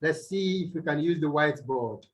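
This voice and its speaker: A man tutoring students over a video call, explaining slowly and quizzing them as he goes. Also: a little high, animated. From Nigeria. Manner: slow, deliberate, quizzes students. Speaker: English tutor. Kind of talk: online tutorial lesson.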